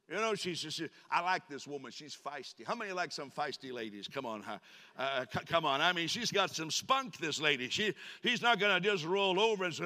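Male pastor, lively joking sermon, bright tense voice, long reverb of a church sanctuary. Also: a little high, moderate pace. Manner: animated, joking with the congregation.

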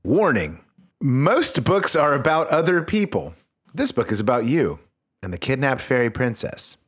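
A man hosting a comedic book-reading podcast with a lively, swinging delivery. He jokes freely and lets his asides drop into quiet mumbles. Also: medium pitch, a little slow, breathy edge. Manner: animated, joking, drops to mumbled asides. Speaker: podcast host.

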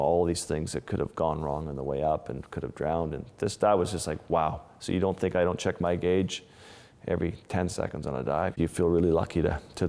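Male underwater photographer, deep voice, casual storyteller, lingering reverb on the track. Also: a little mellow. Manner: casual, restarts phrases, vivid retelling. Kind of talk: interview storytelling.

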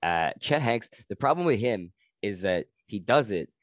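A man with a very deep voice chatting on a podcast and telling stories in an easygoing, rambling way. He swears freely. The sound is dry and close to the mic. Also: expressive, normal speed, dry recording. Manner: laid-back storytelling, swears freely. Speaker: comedian guest. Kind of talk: casual podcast chat. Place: lives in Toronto.

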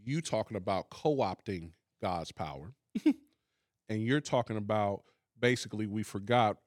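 A man's voice: lowish voice, a little slow, no echo, studio quality. A man, a pastor hosting a casual faith discussion, who repeats key lines for emphasis. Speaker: pastor and podcast host.

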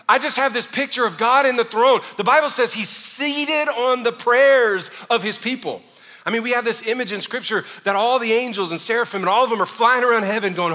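A man's voice: very high voice, brisk, pushed and bright, big-room sound. A man preaching a sermon as a pastor, joking and conversational with the congregation.

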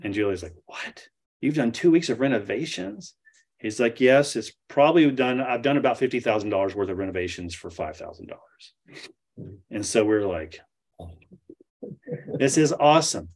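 A man's voice: fairly low pitch, normal speed, pauses often. Man telling a story animatedly. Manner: animated storyteller acting out dialogue. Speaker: speaker at a study center. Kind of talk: storytelling talk with Q&A.

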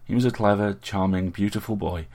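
A man giving a steady, measured audiobook narration. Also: lowish voice.

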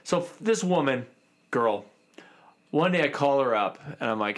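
A man with a voice of middle pitch tells a story from his dental school days in a relaxed, chatty way. He switches into the voices of the other people in the story and acts out their lines. He sounds like a man in his thirties. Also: moderate pace. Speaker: dentist telling a story. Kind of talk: casual storytelling.

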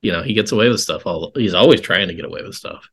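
A man's voice: sits low, expressive, fast, fairly bright tone, slightly rough. A man guest hosting a podcast chat who adds dry, wry remarks. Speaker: guest host. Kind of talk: casual chat.

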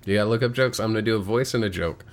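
A man's voice: lowish voice, racing. A man co-hosting a podcast in casual, playful chat. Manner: animated, playful, jumps into voices. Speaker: podcast co-host.

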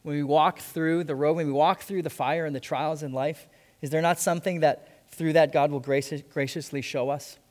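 Male pastor, slightly higher voice, earnest sermon delivery in a church with long reverb. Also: fairly even intonation. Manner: earnest, repeats phrases for emphasis, slows on key lines.

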